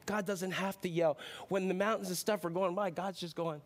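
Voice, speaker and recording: Male pastor preaching a relaxed, chatty sermon, with ums, rising to loud lines and dropping to near-quiet asides. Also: high-pitched, normal speed. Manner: swings between loud preaching and soft hushed asides; casual and chatty, with frequent ums.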